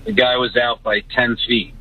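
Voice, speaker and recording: A man's voice: mid-range voice, flat delivery, normal speed, lo-fi sound, slight background noise. A man from Florida calling in to a sports show, stammering but earnest. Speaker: caller.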